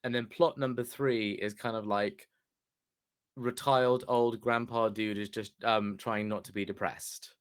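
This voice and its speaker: A man's voice: lowish voice, fairly even intonation, unhurried, smooth, no room sound, clean studio sound. A man co-hosting a podcast, talking in a loose, hesitant way with lots of "like" and "kind of". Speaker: podcast co-host reviewing films. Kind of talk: casual chat.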